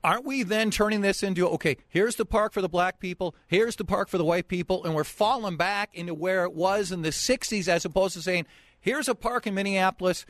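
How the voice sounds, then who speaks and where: A man hosting a radio talk show, questioning a guest in a measured way with frequent halting restarts. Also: sits high, fairly bright tone, no room sound, studio quality. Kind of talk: call-in radio debate. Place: radio studio. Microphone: studio microphone.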